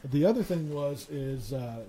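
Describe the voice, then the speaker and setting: A man, a guest on a talk show, telling a ghost story in a halting way. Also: fairly high pitch, lively intonation, mellow, rough recording. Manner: halting, full of restarts and fillers.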